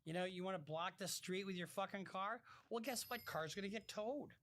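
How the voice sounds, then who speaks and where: A man with a somewhat high, fairly bright voice talks fairly quickly as he comments casually on a live stream and reacts to incoming viewer messages. He's blunt and profane, his sentences breaking off and restarting in fits. There's a little hiss or hum in the recording.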